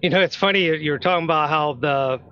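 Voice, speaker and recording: A man's voice: a little high, no echo. A man co-hosting a sports betting show, talking confidently in a casual style and reeling off stats. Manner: brisk, stat-heavy, confident. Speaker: sports betting podcast co-host. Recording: slightly dull lo-fi sound.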